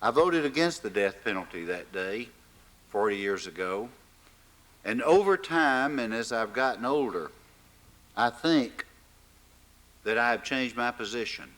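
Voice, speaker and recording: A man in his sixties with an Arkansas drawl stands before a live audience to open an evening forum. His voice sits a little low, and he speaks in a folksy, unhurried way, stopping often on small fillers. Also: expressive, a bit bright. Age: 60s. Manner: folksy, halting with frequent fillers. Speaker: event host. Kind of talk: welcoming speech to a live audience.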